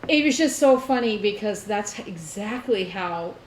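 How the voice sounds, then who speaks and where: A woman co-host chats casually and tells a story with lively energy, laughing now and then. Her voice sits in the middle of the range. The recording has a roomy echo and a light background hiss. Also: medium pitch, a little slow. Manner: animated storyteller, laughing often. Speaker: podcast co-host. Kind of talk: casual chat. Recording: roomy echo, faint noise.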